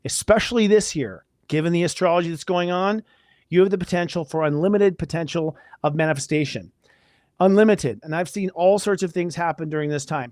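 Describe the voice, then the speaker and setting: Male astrology host, casual and enthusiastic, slightly high voice, dry close sound. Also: no room sound. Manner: chatty, energetic, spiritual enthusiasm. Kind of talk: casual live astrology talk.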